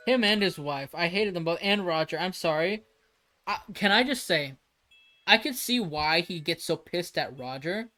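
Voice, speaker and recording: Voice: mid-range voice, a bit bright. A livestreamer chatting casually, rambling and emphatic with frequent restarts and swearing.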